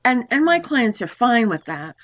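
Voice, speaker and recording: An older woman, an astrologer, telling stories in an interview in an animated way, often laughing and acting out the voices in her stories. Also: a little high, normal speed. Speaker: astrologer guest. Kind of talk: storytelling in a podcast interview.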